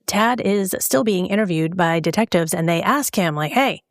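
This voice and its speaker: A woman's voice: on the low side, normal speed, no room sound, studio quality. A woman hosting a podcast, telling a true-crime story in a casual, blunt way with salty, scornful asides. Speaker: podcast host.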